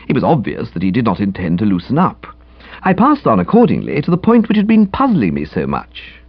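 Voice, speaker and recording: A man narrates a comic audiobook with a breezy, chatty delivery and hugely animated pitch swings. His voice has a slightly husky edge. The recording is dry and a bit dull in tone. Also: a little fast, dry recording. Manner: breezy, chatty, highly expressive reading.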